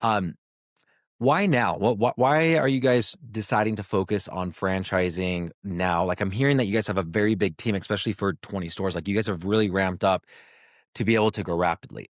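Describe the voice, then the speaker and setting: A man's voice: lowish voice, brisk, no echo, clean studio sound. A man hosting a casual business interview, upbeat and summing up the guest's points. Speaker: interview host.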